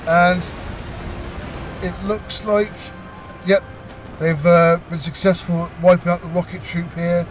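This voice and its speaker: A man casually commentating a video game battle, talking haltingly with frequent pauses and restarts and a lightly amused tone. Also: high voice, little pitch movement, soft background music. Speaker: gameplay commentator.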